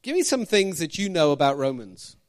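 A man preaching a sermon as pastor, animated, firing questions at the congregation with jokey asides. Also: on the high side, fairly quick.

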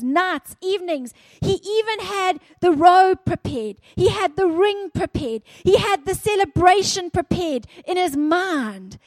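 Very high-voiced woman preaching slowly. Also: darkish tone, no room sound. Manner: dramatic storytelling, acting out the father's cries. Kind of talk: sermon.

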